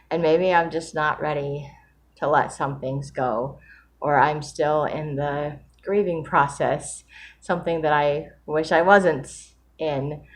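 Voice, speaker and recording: A woman talking candidly in a reflective personal vlog, earnest and open, with soft laughs and fillers as she speaks of gratitude and faith. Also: deep voice, slight background noise. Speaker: vlogger sharing a daily writing video.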